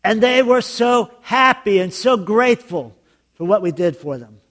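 A man preaching a sermon as pastor, telling jokes and stories in an animated way. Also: high-pitched, measured pace. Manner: joking, animated storytelling with laughs.

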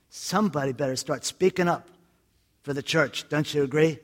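High-voiced man preaching a lively sermon. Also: normal speed. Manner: lively storytelling preacher with jokes and emphatic repetition. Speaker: pastor.

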